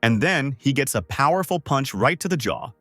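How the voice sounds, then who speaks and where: A man narrating a comic story recap as scripted narration, voicing each character's lines by raising his pitch. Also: moderate pace, dry recording, soft background music. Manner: lively, voices characters with higher pitch.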